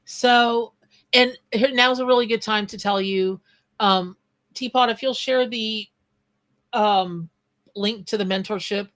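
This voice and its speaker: On her live stream, a tarot-reading psychic talks at normal speed in a medium-pitched, slightly bright voice. Her reading is loose and scattered, interrupted mid-thought by greetings to viewers in the chat.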